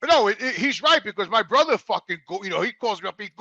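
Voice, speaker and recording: Excitable New man, high bright voice, rapid storyteller, swears freely. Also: no room sound, dull audio. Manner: excitable storyteller, swears a lot, repeats words. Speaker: regular co-host. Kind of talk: casual chat, storytelling. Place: studio.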